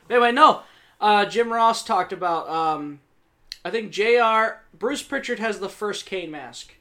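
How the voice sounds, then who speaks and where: A woman co-hosting a casual podcast chat, telling animated stories and swearing freely. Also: mid-range voice, unhurried. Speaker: podcast co-host.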